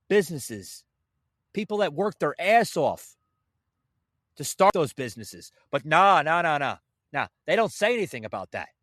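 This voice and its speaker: A man's voice: high voice, fairly bright tone, no room sound, clean studio sound. Heated sarcastic male podcast host. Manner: heated, sarcastic, swears, addresses folks. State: a little winded. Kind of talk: opinion podcast rant.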